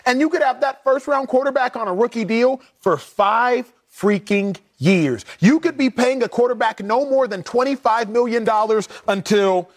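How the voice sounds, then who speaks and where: A man's voice: very high-pitched, moderate pace, few pauses. A man hosting a casual sports debate, emphatic and playful as he argues his points. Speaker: sports talk host.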